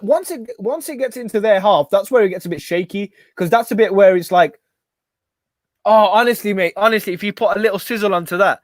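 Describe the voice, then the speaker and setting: A man hosting a live football watch-along, excitable and shouting at every chance. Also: high-pitched, no echo, clean studio sound.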